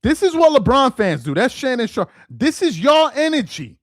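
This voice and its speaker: Worked-up guy going off about basketball fans, high voice jumping all over, dead dry room, aave slang. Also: very animated, moderate pace, no echo. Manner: heated, mocking, repetitive rhetorical questions. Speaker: sports commentary host. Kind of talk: casual ranting commentary.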